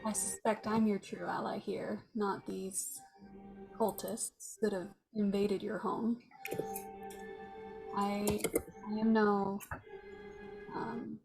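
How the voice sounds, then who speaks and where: Female elf adventurer voiced by a woman, gravelly, cautious, earnest, clear music underneath. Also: mid-range voice, flat delivery, slow pace, long pauses. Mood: persuasive.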